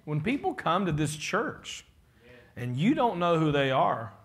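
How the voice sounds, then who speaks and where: A man's voice: on the high side, very animated, measured pace. A man, a pastor giving a casual, joking leadership talk to his congregation and acting out the people he quotes.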